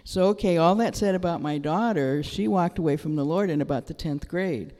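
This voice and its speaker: A woman's voice: fairly low pitch, brisk. Woman preaching in an echoing hall. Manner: animated, exclaiming. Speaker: church speaker. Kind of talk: sermon testimony. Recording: long reverb of a large hall.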